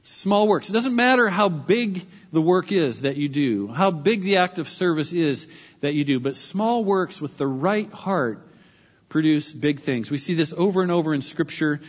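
Man, pastor, sermon, emphatic, repeats key lines slowly, long hall reverb. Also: a little high, animated, muffled recording.

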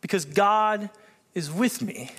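A man preaching a sermon, reading scripture aloud and breaking off into excited commentary. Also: high-pitched, slow pace, slightly rough, big-room sound. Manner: animated, excitable, acts out biblical characters with voice shifts. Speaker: pastor.

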